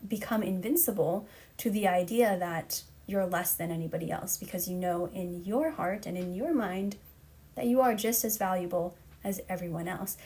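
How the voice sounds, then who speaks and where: A woman's voice: mid-range voice, a little mellow. A woman relationship coach giving earnest, encouraging advice straight to the listener on a live stream, slightly out of breath.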